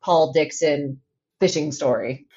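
A woman's voice: deep voice, takes it slowly, darkish tone, muffled recording. A woman hosting a casual interview, eagerly prompting her guest for more stories. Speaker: podcast host.

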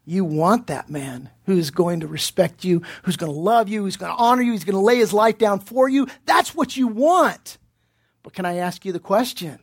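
A pastor with a high, slightly rough voice preaches at a moderate pace. He speaks earnestly and directly, posing pointed questions and repeating himself, restarting his words while he searches for them.

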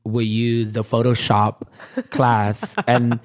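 A man's voice: medium pitch, little pitch movement, slow pace. A man from Brooklyn, a designer telling stories in a casual interview, rambling with lots of fillers and sometimes getting emotional. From Brooklyn, New York. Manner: candid, rambling, many "like" fillers; gets emotional, laughs often. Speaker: fashion designer guest.

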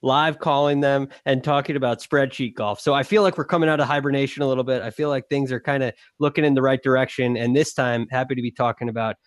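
A man who is a golf analyst on a podcast, chatting in a relaxed, easygoing way. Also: medium pitch, fast talker, hardly any pauses, no echo, clean studio sound. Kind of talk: casual podcast chat.

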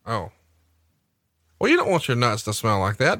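A man's voice: mid-range voice, huge pitch swings, moderate pace, fairly bright tone, no echo. A man co-hosting a podcast, trading jokes in casual chat and reading an ad in a brash, wisecracking way. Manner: brash, joking ad read. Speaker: podcast co-host.

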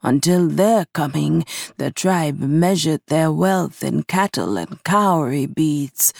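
A woman reading a proud, scornful male ruler in a storytelling podcast, voiced low and unhurried with contempt in every line. The voice sits deep and the delivery is dry and close. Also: vocal fry, a little mellow, no room sound, heavily acted. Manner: contemptuous, disgusted.

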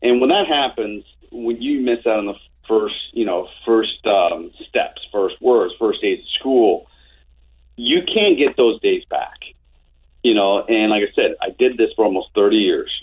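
A man in his fifties telling animated anecdotes as an interview guest, with frequent restarts. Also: lowish voice, a little slow, husky. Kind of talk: casual storytelling. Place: home office. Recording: tinny phone-like line.

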